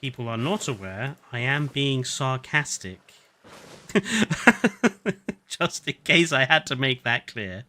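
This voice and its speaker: A man's voice: mid-range voice, sing-song, slow, sharp tone, slight background noise. A man chatting casually and sarcastically while live-streaming a game, often laughing.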